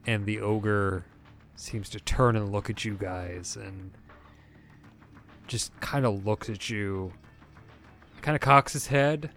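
A man narrating a tabletop game as game master, describing scenes in a relaxed, rambling way with fillers. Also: on the low side, slow pace, pauses often, soft background music.

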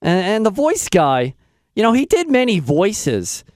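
A man's voice: sits high, huge pitch swings, a little slow, no room sound. A man hosting a radio show, chatting in a rambling, casual way into a studio microphone. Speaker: radio host.

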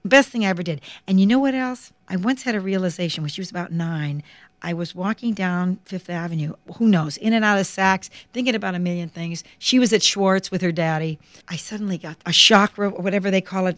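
An older woman speaking as an interview guest, telling stories with animated, acted-out quotes. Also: on the low side, dry recording. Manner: animated, acts out quoted voices. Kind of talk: conversational interview storytelling.

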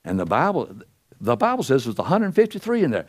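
A little fast and with huge pitch swings, an older man delivers a folksy storytelling sermon, performing the quotes he tells with wide shifts in pitch and volume.

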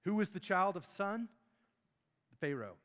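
Male pastor mid-sermon, emphatic and questioning, slightly raised pitch, in a reverberant church hall. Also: very animated, moderate pace, a bit bright. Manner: emphatic, rhetorical questions, stumbles on words.

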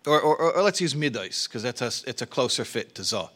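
A man teaching a religious study class, explaining ideas with rhetorical questions, quick restarts and repeated words. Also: medium pitch, expressive, a bit bright.

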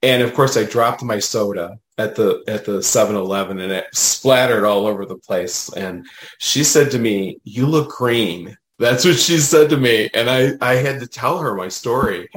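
A man, a medium, telling a personal story in casual conversation, animated and full of fillers, acting out what others said. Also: fairly low pitch, normal speed, echoey room, rough recording. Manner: animated, retells dialogue, many fillers. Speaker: medium, podcast guest.

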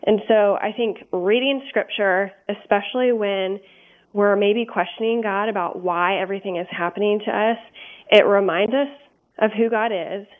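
A woman's voice: medium pitch, steady tone, normal speed. Woman radio guest, candid and earnest, frequent ums, narrow tinny phone-style audio. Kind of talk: radio interview.

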